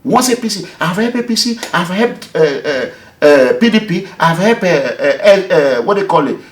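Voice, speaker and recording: A Nigerian man with a lively, swooping voice tells his story in an interview, acting out the back-and-forth of each exchange. The voice carries a noticeable room echo. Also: high-pitched, moderate pace. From Nigeria, Edo State. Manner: animated, emphatic, acts out the dialogue. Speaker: activist, movement leader. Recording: echoey room.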